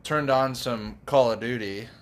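A man in a casual podcast conversation with a mid-range voice. He talks in a laid-back, halting way, often breaking off his sentences while cracking jokes. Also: mid-range voice. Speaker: podcast co-host.

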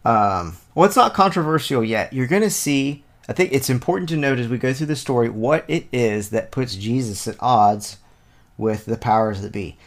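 A man at a medium pitch leads an informal scripture lesson. He reads passages aloud and then explains them in a loose, conversational way. He drifts through side remarks and thinks out loud as he goes. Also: animated, normal speed. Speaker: Bible teacher. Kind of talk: informal Bible study teaching.

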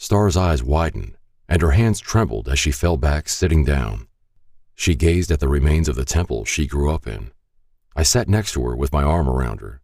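A man's voice: a bass voice, a little mellow, dry recording, clean studio sound. A man narrating a first-person story in an earnest, reflective way.

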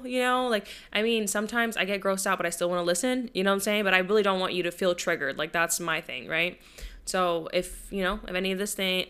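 A woman's voice: mid-range voice, fairly bright tone, clear, resonant tone. A young woman hosting a podcast, talking casually and rambling with lots of fillers and swearing. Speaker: podcast host. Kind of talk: casual chat.

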